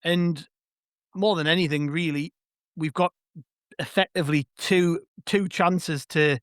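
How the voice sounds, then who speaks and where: Bloke hosting a footy podcast, a bit high voiced, chatty and jokey, dry close mic. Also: male voice, steady tone, measured pace, fairly bright tone, no room sound. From North East England. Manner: chatty, joking, rambling with fillers. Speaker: podcast host. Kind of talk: casual football podcast chat.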